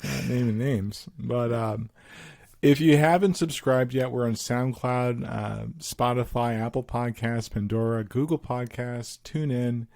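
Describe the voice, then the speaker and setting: Man, podcast co-host, casual chat, mid pitch, laughs through stories. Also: a little slow, creaky. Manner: laughs through his stories, animated retelling.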